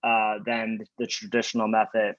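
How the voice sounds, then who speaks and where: A man's voice: on the low side, monotone, normal speed, a bit bright, lo-fi sound. A man speaking as a guest in a casual interview, emphatic and confident, talking like a self-described contrarian. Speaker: guest, design agency founder.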